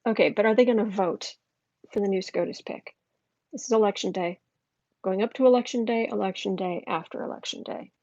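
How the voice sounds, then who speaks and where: An American tarot reader does a live reading, chatty and thinking out loud, often restarting her sentences. Her voice is medium-pitched, brisk and dark, with no room sound and the highs cut off.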